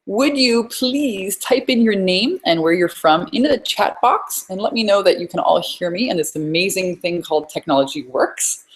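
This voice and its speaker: A woman's voice: medium pitch, animated, moderate pace, hardly any pauses. A woman business coach hosting a live webinar, effusive and upbeat, chatting with her audience as she teaches.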